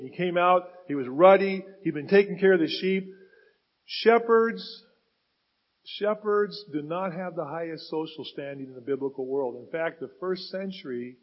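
A man preaches in a church, his voice slightly high and husky. He retells scripture with dramatic swells, dropping to a quiet, pleading tone. The recording sounds muffled and lo-fi. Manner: dramatic retelling with rising and falling emphasis. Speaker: pastor. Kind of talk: sermon.

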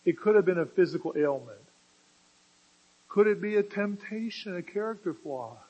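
A man preaching a sermon, moving from quiet explanation to loud, emphatic passages. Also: high-pitched, expressive, moderate pace, slightly rough, lo-fi sound.

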